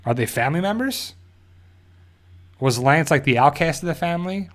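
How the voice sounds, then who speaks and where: A man hosting a TV review channel, casually recapping an episode in a rambling way, full of fillers and quick quoted lines from the characters. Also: a little high, expressive.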